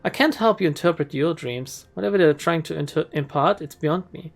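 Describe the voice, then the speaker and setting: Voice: mid-range voice, fairly quick, gravelly. A streamer reading the lines of a cautious woman scholar from a game, in an earnest, warning tone. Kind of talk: reading game dialogue aloud.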